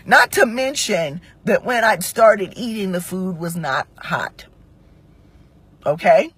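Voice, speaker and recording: Brief: woman, 40s, husky, very animated pitch, blunt and profane vlog monologue. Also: a little slow, no echo. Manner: blunt, profane, emphatic storytelling. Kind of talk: heated monologue to camera.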